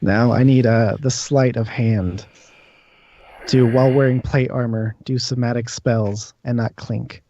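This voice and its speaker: A man's voice: medium pitch, fairly even intonation, measured pace, mellow, a little hiss or hum. A man narrating as game master, explaining rules and describing scenes patiently. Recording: dull lo-fi stream audio.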